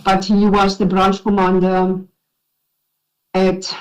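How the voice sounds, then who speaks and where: A woman with a South African accent testifying at an enquiry, her voice shaky and halting as she gets emotional. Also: medium pitch, monotone, poor audio. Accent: South African English. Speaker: witness at an enquiry. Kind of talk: sworn testimony, reading a statement.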